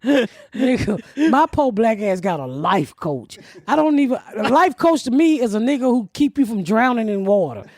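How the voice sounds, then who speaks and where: A middle-aged woman hosts a comedy podcast in a blunt, profane storytelling voice. Her pitch swings widely as she talks. The recording is dry and close. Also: very animated, moderate pace, a little mellow, no echo. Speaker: podcast host. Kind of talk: casual comedic chat.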